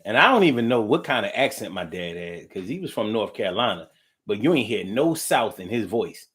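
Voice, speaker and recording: Man musing slowly on a livestream. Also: lowish voice, big pitch swings, a bit bright. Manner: reflective and unhurried, drifting, with frequent hums and restarts; blunt, with casual profanity. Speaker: livestream host reading viewer comments. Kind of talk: casual musing monologue.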